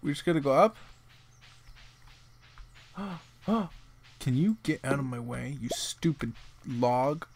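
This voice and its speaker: A man giving casual, excitable commentary while playing a video game, often bursting into loud exclamations. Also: medium pitch, moderate pace, vocal fry. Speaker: let's play host.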